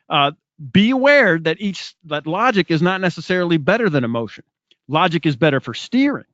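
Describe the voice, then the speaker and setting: A middle-aged man with a high voice gives a motivational talk, tossing rhetorical questions at his audience. The sound is dry and a bit muffled. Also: fairly bright tone, no echo. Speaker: speaker.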